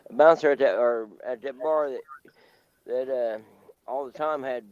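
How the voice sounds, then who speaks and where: A man's voice: mid-range voice, steady tone, moderate pace, a little mellow, clear, resonant tone. Guy chatting on a podcast, trails off a lot, giggly, dull cheap mic. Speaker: podcast co-host. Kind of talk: casual chat.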